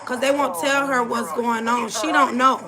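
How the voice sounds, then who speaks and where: A woman's voice: a little high, fairly even intonation, moderate pace, crowd noise. A woman vlogger giving casual, filler-filled commentary over footage she is reacting to. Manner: chatty, filler-heavy, sympathetic.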